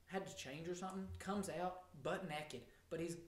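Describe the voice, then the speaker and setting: A man's voice: sits high, normal speed, roomy sound. A young man telling stories in casual chat with friends on a podcast, laughing often. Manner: laughing storyteller. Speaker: podcast co-host.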